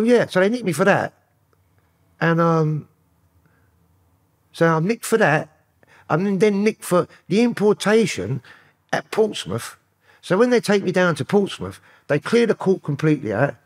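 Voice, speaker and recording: London man, podcast guest, husky and coarse-spoken, sweary storyteller. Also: high-pitched, expressive, moderate pace, pauses often. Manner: profane, rambling street talk. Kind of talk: casual storytelling interview.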